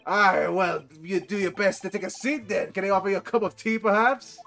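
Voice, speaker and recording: Brief: gruff Scottish governor, voiced by a man, brusque, high-pitched, faint music under. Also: fairly quick, a bit bright. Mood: blustering. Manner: brusque, blustering. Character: gruff blustering male prison governor, middle-aged. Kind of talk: reading game dialogue aloud.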